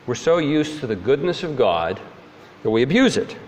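A man preaching a sermon, sometimes mimicking complainers in a high voice, then dropping low and stern. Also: very animated, moderate pace, big-room sound, slight background noise.

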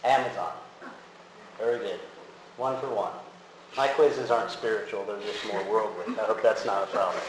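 A man's voice: on the low side, fairly even intonation, normal speed, long pauses. A man giving a casual, conversational sermon, with many fillers and restarts as he talks to the congregation. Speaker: preacher. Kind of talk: casual sermon with audience quiz. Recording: very echoey hall with faint ambient noise.

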